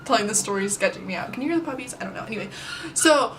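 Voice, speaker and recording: Bright, chatty young woman. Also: fairly high pitch, normal speed, a little hiss or hum. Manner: chatty, filler-heavy, animated. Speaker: vlogger. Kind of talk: casual storytime.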